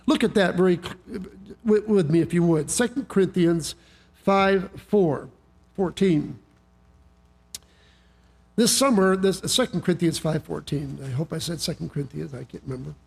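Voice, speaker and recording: High-voiced pastor preaching a folksy sermon. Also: male voice, normal speed, gravelly, breathy edge. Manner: folksy storytelling with frequent restarts.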